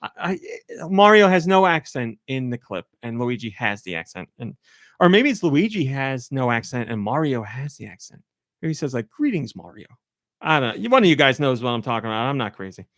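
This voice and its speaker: Male podcast host, mid pitch, dry close mic; loose, laughing, rambling delivery. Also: sing-song, brisk, fairly bright tone, no echo. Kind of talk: casual chat.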